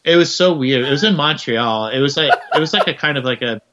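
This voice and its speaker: A man's voice: medium pitch, fairly quick, fairly bright tone. A man, a musician guest in a casual interview, rambling through stories with lots of filler words.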